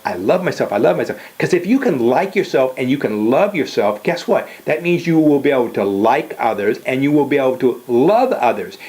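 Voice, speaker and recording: A man's voice: mid-range voice, darkish tone. An older man giving a casual motivational talk in a direct manner, often checking in with "okay?" and "you know.". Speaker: motivational speaker.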